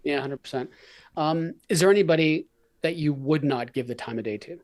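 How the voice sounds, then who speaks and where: A man's voice: a little high, brisk. A man from Canada hosting a podcast, talking in a laid-back, blunt way with frequent fillers. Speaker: podcast host. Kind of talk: casual conversation.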